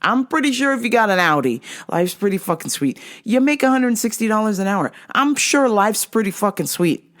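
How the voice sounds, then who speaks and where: Woman host, casual storytelling rant, swears freely, exasperated, medium pitch. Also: animated, a little fast. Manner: profane, exasperated, ranting. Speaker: podcast host.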